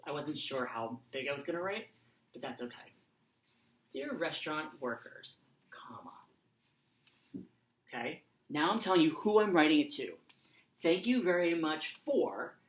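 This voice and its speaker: A woman teaching young children in an online lesson, speaking slowly and saying each word aloud as she writes it. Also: low-pitched, roomy sound, rough recording. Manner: slow, dictating aloud while writing.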